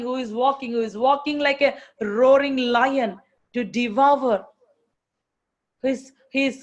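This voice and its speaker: A woman's voice: a little high, darkish tone, highs cut off. A woman preaching a sermon, emphatic, repeating her phrases and asking rhetorical questions.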